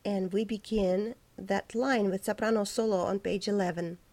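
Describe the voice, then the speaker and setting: A woman teaching a choir the diction of their parts, explaining slowly and precisely and breaking into high, light sung syllables to demonstrate. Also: steady tone, darkish tone. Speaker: choir director. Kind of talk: choral diction lesson.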